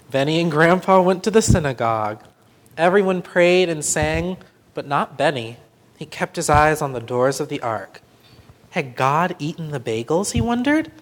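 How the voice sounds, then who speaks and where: A children's storyteller reading a picture book aloud, unhurried and deliberate. The voice rises and falls a lot, and drops to a hush at the quiet moments. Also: medium pitch, a little hiss or hum. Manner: slow, expressive, hushed in places.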